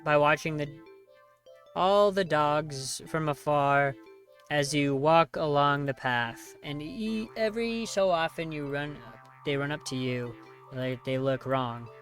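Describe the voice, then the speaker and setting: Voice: mid-range voice, unhurried, faint music behind. A gamer narrating a text horror game, reading its lines aloud, skimming with sarcastic asides and mock outrage at the choices. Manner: sarcastic, skims text with "blah, blah"; reads choices then reacts with mock outrage. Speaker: video game player.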